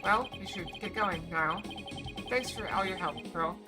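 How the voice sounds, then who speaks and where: A woman's voice: fairly low pitch, a little slow, over music, natural voice. A woman reading the lines of an earnest, flustered young male defense attorney.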